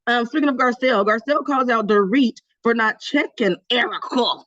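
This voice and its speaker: A woman's voice: a little high, a little fast, a bit bright, no echo, highs cut off. A woman guest in a casual gossip chat, brash, laughing often and swearing freely. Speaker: guest co-host.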